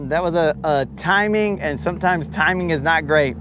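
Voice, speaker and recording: A man's voice: on the high side, normal speed, noisy background. A man hosting a fishing podcast, ranting jokingly and rambling in a casual livestream, keeps calling his listeners bro. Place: boat on a lake, outdoors.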